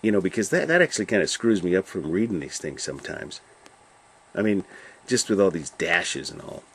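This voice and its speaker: Low-voiced man musing over scripture. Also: expressive, brisk, slight background noise. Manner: rambling, thinking aloud with many restarts; chatty, addresses viewers directly. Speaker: Bible study host. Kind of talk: informal Bible commentary.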